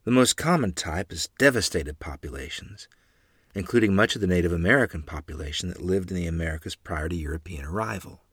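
A man tells a first-person memoir in a measured, earnest way. His voice is low, husky and forceful, recorded close and dry. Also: expressive, dry recording. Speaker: storyteller.

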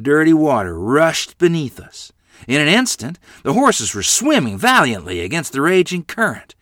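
A man's voice: on the low side, fairly bright tone, dry recording, clean studio sound. A man narrating a family memoir with dramatic, vivid emphasis. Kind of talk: storytelling memoir reading.

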